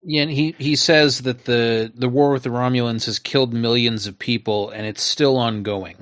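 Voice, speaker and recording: A man's voice: medium pitch, fairly even intonation, moderate pace, a bit bright, no room sound, clean studio sound. A man co-hosting a casual discussion, sarcastic and laughing as he talks. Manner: sarcastic, laughs while talking. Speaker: podcast co-host.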